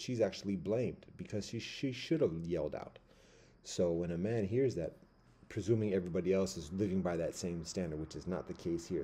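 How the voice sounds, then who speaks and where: Low, dark-voiced man rambling. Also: husky. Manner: rambling, street slang, many fillers and restarts. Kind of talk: casual monologue. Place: at home by a window.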